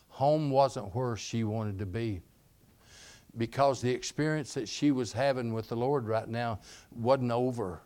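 A man preaching a sermon, moving between quiet storytelling and loud, emphatic bursts. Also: medium pitch. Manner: emphatic, swings from soft storytelling to loud exclamations.

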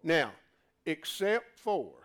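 A very animated man draws out his words while preaching to a live congregation. He addresses them as folks, shifting from loud, emphatic pronouncements to low, quiet asides.

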